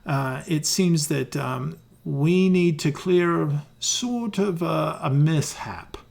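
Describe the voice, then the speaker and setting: A man voicing a kindly, very old male elf ambassador, talking slowly with many pauses. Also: on the high side, creaky, darkish tone, voice pushed up. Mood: courteous.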